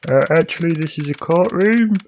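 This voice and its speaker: A man's voice: fairly high pitch, moderate pace, slight background noise, voice pushed up, lightly acted. A man voicing a rambling male character who drifts off on pointless tangents.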